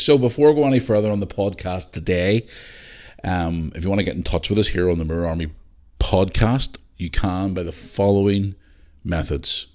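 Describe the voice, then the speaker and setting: A man hosting his own podcast in a loose, chatty way, swearing freely as he talks to listeners. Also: low-pitched. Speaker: podcast host. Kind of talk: casual solo podcast chat.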